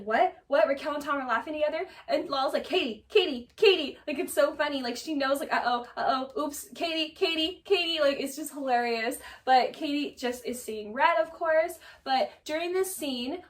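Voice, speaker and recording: Woman w a high voice chatting thru a reality tv recap, lots of "like", a bit far from the mic. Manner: gossipy, many "like"s, acts out quotes. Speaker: recap vlogger.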